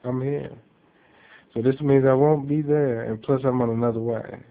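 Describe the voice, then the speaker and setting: A man playing a gentle, amused Love. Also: medium pitch, fairly even intonation, moderate pace, voice pushed up, close to an everyday voice. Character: gentle, warm male figure of love. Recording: tinny phone-like sound.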